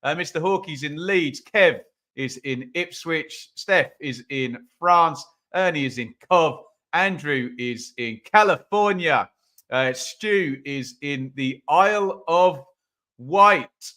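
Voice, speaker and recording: Bright-voiced male streamer hosting a football watch-along; loose, chatty, talks straight to his chat. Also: on the high side. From England. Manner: chatty, reads out viewer comments, bursts into loud calls. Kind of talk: live stream chat and commentary. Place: home office.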